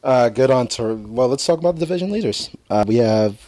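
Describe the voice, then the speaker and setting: A man's voice: medium pitch, animated, brisk, dark tone. A man with a New England accent in a casual sports chat who agrees easily and echoes what the others say.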